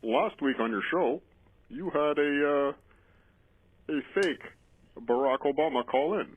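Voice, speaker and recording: A man's voice: on the high side, a little slow, husky. A man putting on a president's voice as a prank caller over a phone line. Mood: calm, formal. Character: man doing a fake president phone call.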